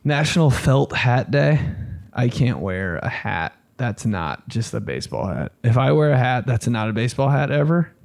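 A man's voice: medium pitch, normal speed, gravelly. Profane, rambling young male podcast host. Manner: rambling, profane, animated riffing. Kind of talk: casual comedic monologue.

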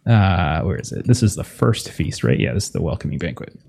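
A man narrating a tabletop horror game as game master, halting with many fillers and restarts. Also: deep voice, animated, gravelly, a little mellow, breathy edge.

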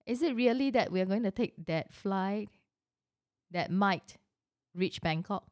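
A woman's voice: medium pitch, animated, takes it slowly, a little mellow, dry recording, clean studio sound. Chatty middle-aged woman telling a story. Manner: chatty, with rhetorical questions and "you know". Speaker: personal storyteller. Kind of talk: casual storytelling with a lesson.

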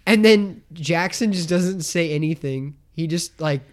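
A young man talks through a movie on a casual podcast, his voice a touch high and smoothly clear. He rambles, curses freely and slips into quick impressions of the characters as he retells scenes. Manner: rambling, acts out characters' lines in silly voices, swears freely. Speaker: podcast co-host. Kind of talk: casual chat.

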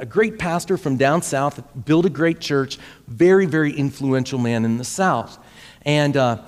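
Male pastor, forties, casual storytelling sermon, higher voice, reverb-heavy sanctuary sound. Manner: conversational, repeats words when telling a story. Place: church sanctuary.

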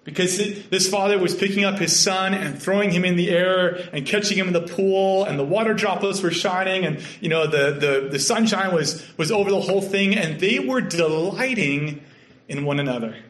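A man from Canada with a Canadian accent, preaching a sermon with earnest storytelling that sometimes drops to a soft hush. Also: high-pitched, moderate pace. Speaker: pastor. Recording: echoey room.

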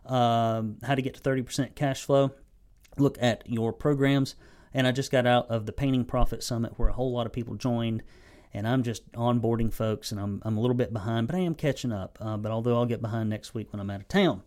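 A man's voice: mid-range voice, steady tone, fairly quick, a little mellow. A man with a Southern US accent giving a blunt, folksy, sarcastic sales training talk to camera as a business coach.

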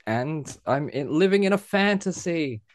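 A man's voice: on the high side, lively intonation, unhurried. A man with an Australian accent hosting a casual podcast interview, chatty and jokey with blunt, profane asides. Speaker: podcast host.

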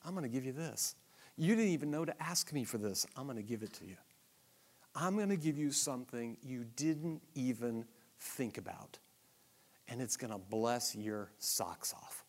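A man voicing God as a loving, reassuring father, speaking softly and gently. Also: high-pitched, rapid-fire, hardly any pauses, lightly acted. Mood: generous. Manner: soft, hushed, gentle.

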